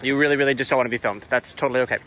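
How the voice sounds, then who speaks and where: A man's voice: mid-range voice, fairly even intonation, very fast, fairly bright tone, slight background noise. A man live-streaming outdoors at a park, giving casual, indignant commentary with sarcastic asides.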